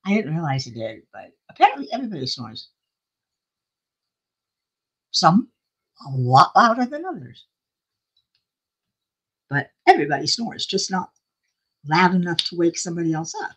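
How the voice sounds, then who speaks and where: Husky, chatty older woman. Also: lowish voice, big pitch swings, moderate pace, pauses often, fairly bright tone. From South Florida. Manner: chatty, laughs often, self-deprecating. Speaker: craft livestream host. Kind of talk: casual rambling chat.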